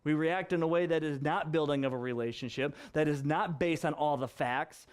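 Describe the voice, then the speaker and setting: A man's voice: on the high side, moderate pace, clear, resonant tone. A male pastor preaching a conversational sermon, chatty and jokey, with frequent asides and laughter.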